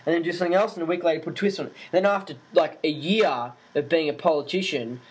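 A man rants in a loose, unscripted monologue. His voice sits a little higher than most men's. He is indignant and animated, swears often and leans on fillers. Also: fast talker, breathy edge, rough recording. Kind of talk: casual ranting monologue.

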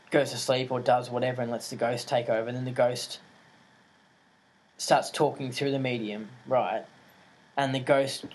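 A man talking in a casual, rambling monologue, hesitant and full of fillers, animated and incredulous as he tells stories. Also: medium pitch, breathy edge, low-quality recording.

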